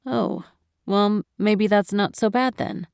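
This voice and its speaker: A woman voicing a gentle, caring man in an audiobook, speaking softly and reassuringly. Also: mid-range voice, slow, vocal fry, no echo, studio quality. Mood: gentle, concerned. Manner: soft, reassuring. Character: gentle, caring grown man, a devoted partner. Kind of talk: audiobook narration.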